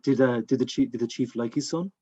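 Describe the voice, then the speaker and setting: A man's voice: mid-range voice, fast talker, mellow, husky, lo-fi sound. A man playing a tabletop game, asking questions in a casual, inquisitive way and often restarting his sentences. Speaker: player.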